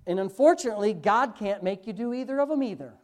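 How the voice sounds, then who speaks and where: Lively, emphatic male preacher. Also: high-pitched. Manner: emphatic, swings between quick asides and loud drawn-out stresses. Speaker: pastor. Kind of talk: sermon.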